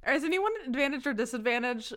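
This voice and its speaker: A woman's voice: sits high, lively intonation, fast, fairly bright tone. A woman playing a tabletop game, casual and playful, laughing often and teasing the others. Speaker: player.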